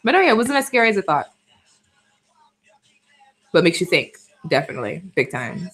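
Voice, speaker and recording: A woman's voice: on the low side, big pitch swings, fairly quick, fairly bright tone, breathy edge, faint music behind. A woman in her twenties from the Bronx with a light New York accent, chatting casually and laughing a lot on a live stream. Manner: chatty, laughs often, reads viewer comments. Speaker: livestream host.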